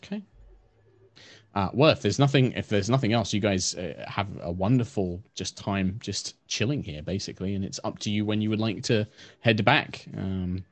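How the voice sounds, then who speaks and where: A man narrating as game master in a relaxed, rambling way, with many fillers. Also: on the low side, moderate pace, no echo.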